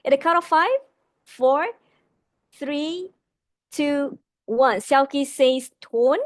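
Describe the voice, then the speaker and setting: In a live webinar lesson on vocal delivery, a woman trainer with a Malaysian English accent speaks in a high-pitched voice, reading viewers' replies and calling them "my dear friends." She slows down and varies her volume to stress points. The audio is clean studio sound with no echo.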